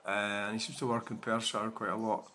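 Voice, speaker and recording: A man's voice: on the low side, flat delivery, quick pace, sharp tone, a little hiss or hum. A man chatting casually to his viewers, rambling with many fillers and restarts. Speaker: channel host. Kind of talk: casual chat to camera.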